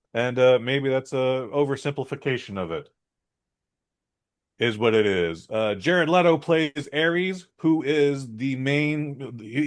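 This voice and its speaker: A man co-hosting a podcast, giving a blunt, rambling and opinionated movie review in a casual chat. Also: medium pitch. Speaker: podcast co-host.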